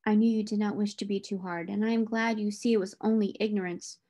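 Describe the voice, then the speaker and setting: A woman reading the part of Tom, a kindly gardener who speaks low and gentle. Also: fairly even intonation, fast, close to an everyday voice. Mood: pleading.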